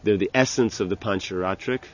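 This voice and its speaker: A spiritual teacher speaks in a fairly low voice during an informal religious lecture, halting with lots of restarts and "you know." The recording is muffled.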